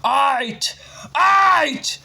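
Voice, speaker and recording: A man's voice: extremely high pitch, animated, drawn-out words, vocal fry, pitched above the performer's own voice, exaggerated voice. A man doing a furious blustering uncle. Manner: shouting, agitated.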